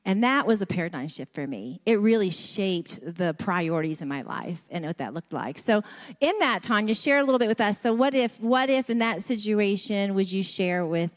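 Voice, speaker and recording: A woman's voice: mid-range voice, lively intonation, normal speed. Woman moderating a church panel.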